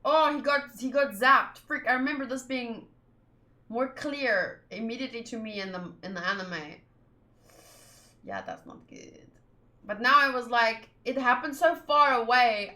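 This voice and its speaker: A woman's voice: on the high side, normal speed, sharp tone. A woman hosting a manga read-along, chatting casually and reacting aloud as she reads. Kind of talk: casual reading commentary.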